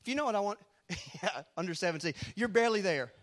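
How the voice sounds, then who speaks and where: A middle-aged man delivers a sermon in a high-pitched voice. His tone is bright and ringing. He rambles through hushed stories and builds to shouted exhortation. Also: animated, fast talker. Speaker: preacher.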